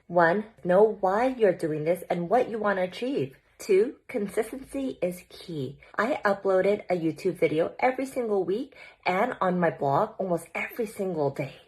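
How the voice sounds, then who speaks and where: A woman's voice: medium pitch, animated, normal speed, darkish tone, slightly rough, low-quality recording. A woman in her thirties, a blogger and businesswoman, giving confident advice to camera as a numbered list. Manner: confident, listing points in order. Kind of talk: scripted talking-to-camera advice.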